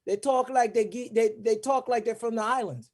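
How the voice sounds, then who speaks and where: A man's voice: extremely high pitch, moderate pace, a little mellow. Laid-back joking man. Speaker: guest artist. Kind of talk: casual chat.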